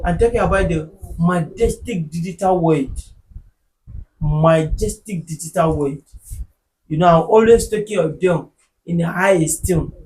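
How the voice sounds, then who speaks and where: Nigerian male podcast host, high voice, jokey, loud bursts. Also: slight background noise, poor audio. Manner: animated, joking, bursts into shouting. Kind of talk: casual chat.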